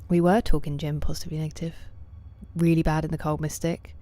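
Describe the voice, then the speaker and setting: Woman streamer, low and warm, casual chat to viewers with frequent hushed asides. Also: flat delivery, fast. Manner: chatty, greets and answers chat by name, often drops to soft near-whispers. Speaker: game streamer. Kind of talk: casual live-stream chat while gaming.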